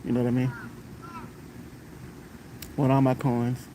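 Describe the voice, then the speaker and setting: A man in the middle of his pitch range tells a story on a live stream. He repeats himself and breaks off to greet viewers as they join. Road and vehicle noise run clearly behind him. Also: completely flat delivery, a little slow, mellow, low-quality recording. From Florida, United States. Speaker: transit bus driver.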